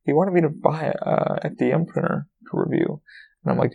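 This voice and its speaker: A man's voice: fairly high pitch, a little fast, creaky, slightly rough. A man hosting a casual solo podcast, rambling and swearing freely with many fillers and restarts, recorded with a dull lo-fi sound. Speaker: podcast host.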